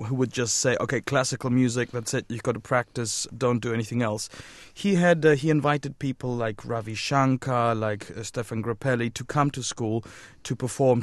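A man's voice: mid-range voice, no echo. A man, a violinist guest, chatting casually in a studio interview, rambling with many fillers and self-corrections. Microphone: studio mic.

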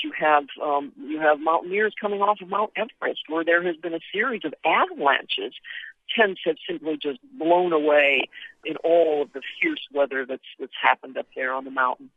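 A woman's voice: deep voice, no room sound. A woman correspondent giving a live field report by phone, describing events vividly and with frequent fillers. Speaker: foreign correspondent. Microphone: telephone. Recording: tinny phone line.

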